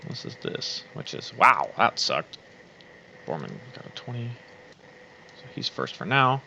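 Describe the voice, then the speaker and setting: A man narrating as game master for a tabletop game with friends, animated and filling pauses with ums and laughter. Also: mid-range voice, vocal fry, dull audio, slight background noise.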